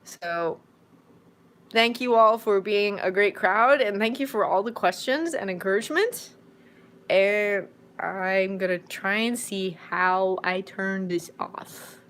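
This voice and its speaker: A chatty adult woman at home hosts a casual live-stream Q&A about her fanfiction readings. She rambles easily and leaps into sudden excited bursts, in a voice of ordinary middle pitch for a woman. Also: slow, a little hiss or hum. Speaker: fanfiction audiobook narrator and streamer.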